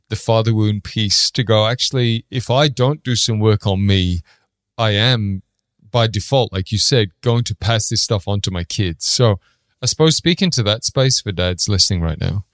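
A man's voice: on the low side, moderate pace, fairly bright tone, no room sound, studio quality. A man hosting a faith-based interview show, easygoing and reflective. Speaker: host. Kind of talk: podcast interview.

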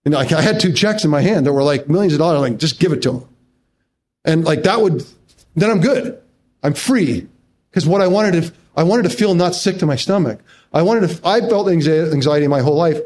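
A man's voice: a little high, expressive, a little fast, darkish tone. A middle-aged man as an interview guest, telling a personal story in an emotional way with many restarts, his voice jumping up when he relives tense moments.

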